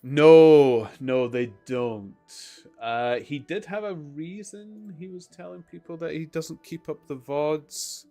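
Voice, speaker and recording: A man's voice: fairly high pitch, a little slow, darkish tone, faint music behind. A man hosting a live stream, chatting casually in a rambling way with lots of fillers and chuckles. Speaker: streamer host.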